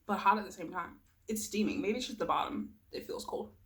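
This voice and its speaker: In a fast, slightly bright mid-range voice, a young woman vlogger eats on camera for a casual mukbang, rambling, giggling and murmuring over each taste.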